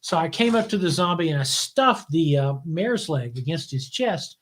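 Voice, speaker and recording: A man from the Southern US with a Southern accent, telling lively anecdotes as a guest in a live interview. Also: on the high side, normal speed. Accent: Southern American. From Southern US, Memphis. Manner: lively anecdotal storyteller, acts out quotes. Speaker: guest, TV producer.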